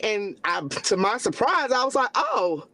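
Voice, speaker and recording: A woman's voice: expressive, moderate pace, sharp tone. A woman in her forties from Cleveland, a line dancer guest telling stories and acting out quotes in casual chat. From Cleveland, USA. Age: 40s. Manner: storytelling, acts out quotes with pitch jumps.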